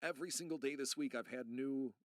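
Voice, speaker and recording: A man's voice: medium pitch, a little fast, dry recording. A middle-aged man live streaming, chatting casually and earnestly to his viewers in a rambling way. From United States. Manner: rambling and earnest, talking straight to chat.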